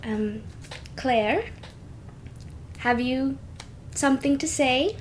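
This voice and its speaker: Woman doing a sociable farmer's wife NPC, slightly raised pitch, fussy. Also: drawn-out words, a little hiss or hum. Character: chatty farmer's wife, a middle-aged woman.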